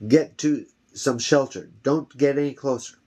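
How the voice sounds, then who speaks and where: A man voicing a loud, blustering middle-aged town official in a home story reading. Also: medium pitch, fairly even intonation, moderate pace, close to an everyday voice. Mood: alarmed. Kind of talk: audiobook reading.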